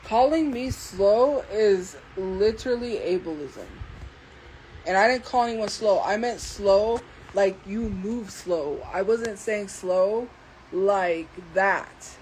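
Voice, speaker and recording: A woman livestreamer talking slowly and deliberately as she defends herself against commenters in her chat. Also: mid-range voice, darkish tone, slight background noise, low-quality recording. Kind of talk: live stream talking to chat.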